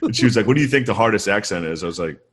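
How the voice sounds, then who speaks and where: A man's voice: on the low side, expressive, racing, slightly rough. A man co-hosting a podcast, telling stories in loose, profane banter and laughing often. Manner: swearing, laughing, playful impressions. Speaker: podcast co-host.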